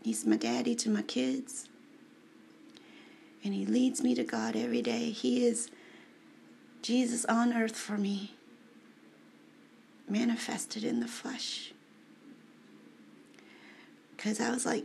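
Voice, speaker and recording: A woman reads aloud at home and breaks off into her own rambling, heartfelt remarks. Her higher voice has a gravelly edge. She takes her time over every phrase. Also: expressive, slow, pauses often, a little mellow, slight background noise. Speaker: reader giving commentary. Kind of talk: casual reading with personal commentary.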